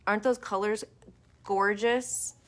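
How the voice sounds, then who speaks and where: A woman's voice: mid-range voice, steady tone, a little slow, a bit bright. A woman hosting a casual live chat from her yarn shop, enthusiastic and full of fillers, speaking to a webcam. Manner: chatty, enthusiastic, lots of fillers.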